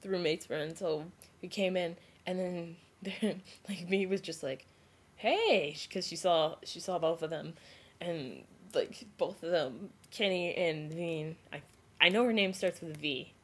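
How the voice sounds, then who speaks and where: A young woman vlogging to a self-filmed camera, retelling a story in a rambling, animated way with lots of "like" and restarts. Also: on the low side, a little slow, breathy edge. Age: young adult. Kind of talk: casual storytelling vlog.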